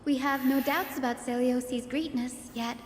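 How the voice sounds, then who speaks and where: A woman voicing an earnest young woman from a warrior bloodline, speaking in a calm, reflective, measured way for a video game. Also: sits high, a little hiss or hum, lightly acted. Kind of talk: game voice acting. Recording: reverberant game audio with music.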